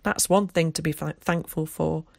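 A woman reading the lines of a gruff, lonely old countryman who mutters in rough rural speech. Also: low-pitched, fairly even intonation, normal speed, dry recording, clean studio sound. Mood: gruff muttering.

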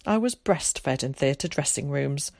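A woman reading aloud, voicing an eager, theatrical schoolboy who loves to show off, in a lively, dramatic way. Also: very deep voice, unhurried, vocal fry, dry recording, clean studio sound, full character voice.

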